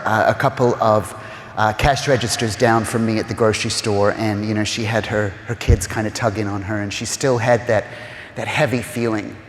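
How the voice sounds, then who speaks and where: A man's voice: mid-range voice, slight background noise. Heartfelt man with fillers, echoing hall. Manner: heartfelt, choked up at times, many "you know" fillers. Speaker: interview guest, real estate agent. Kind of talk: emotional conversational storytelling. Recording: roomy reverberant hall.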